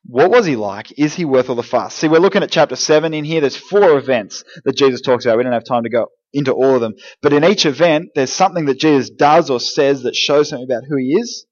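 A man giving a lively, jokey youth group talk, speaking straight to teenagers. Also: mid-range voice, fast talker, few pauses, dull audio. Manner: energetic, jokey, direct address to teens. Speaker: youth pastor.

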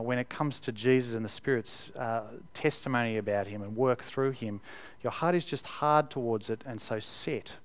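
A man giving a sermon in a relaxed, conversational way, with fillers, repeated words and emphatic stresses. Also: medium pitch. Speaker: preacher.

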